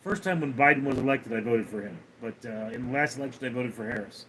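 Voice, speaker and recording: A man with a bright, forward voice hosts a casual livestream from home. He talks easily to his cat and to viewers, in a relaxed way that trails off into fillers. Faint background noise sits under his voice. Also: medium pitch, quick pace, low-quality recording. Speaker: livestream host. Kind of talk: casual live-stream chat, reading viewer comments aloud.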